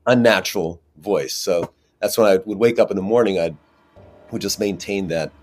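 A man's voice: deep voice, moderate pace, a little mellow. A man, an actor, talking casually in an interview, rambling with many restarts and fillers. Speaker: actor guest.

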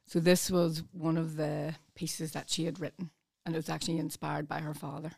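A woman, a community volunteer, reading a poem aloud in a soft, earnest, unhurried way. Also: sits low, level tone, vocal fry, breathy edge. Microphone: studio microphone.

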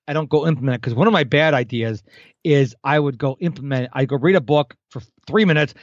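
A man's voice: mid-range voice, quick pace, no echo, dull audio. A man in his fifties, a podcast guest, talking animatedly in a casual interview and acting out the people he quotes. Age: 50s.

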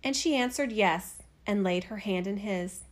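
A woman telling a fairy tale aloud as a storyteller, with an expressive, measured reading. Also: mid-range voice.

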